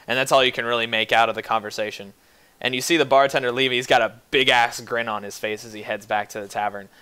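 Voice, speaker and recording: Bright-voiced male game master. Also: medium pitch, fairly even intonation, quick pace, smooth. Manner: casual, rambling narration with fillers and laughs. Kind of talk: narrating a tabletop game over voice chat.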